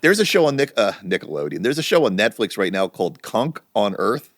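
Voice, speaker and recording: A middle-aged man co-hosting a casual podcast, telling stories with lively energy and free swearing. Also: on the low side, brisk, no room sound, studio quality. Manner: animated storytelling, swearing freely. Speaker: podcast co-host. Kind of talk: casual chat.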